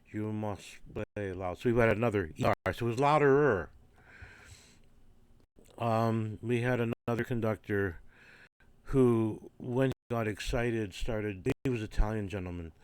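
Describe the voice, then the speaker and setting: An older man shares stories from his time as an orchestra percussionist, wandering off on side tracks with wry humour. His voice sits a bit low, and the recording is dry and close. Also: normal speed, clear, resonant tone, dry recording. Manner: rambling and digressive, with wry humour. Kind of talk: casual anecdotal storytelling.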